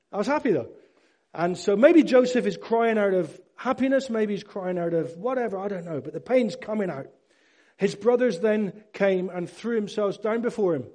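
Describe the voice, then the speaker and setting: A man preaching a sermon, acting out Bible characters and asking his listeners questions. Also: high-pitched. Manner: animated, acts out Bible characters; asks the congregation questions. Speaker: pastor.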